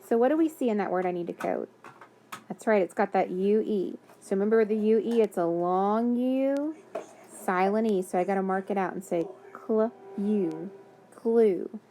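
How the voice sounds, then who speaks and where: A woman's voice: medium pitch, fairly quick, mellow, a little hiss or hum. A woman teaching a phonics lesson to young children, patiently sounding out words and praising answers.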